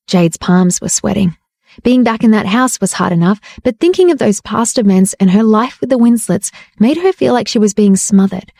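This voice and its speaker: A woman narrating a romance audiobook in a steady, even reading. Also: mid-range voice, moderate pace, creaky, no room sound, studio quality. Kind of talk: scripted narration.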